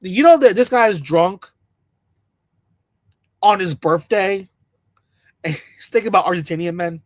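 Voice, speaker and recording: A man's voice: high-pitched, expressive, measured pace, no room sound. A man giving mocking reaction commentary and often slipping into parody voices. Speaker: commentary streamer.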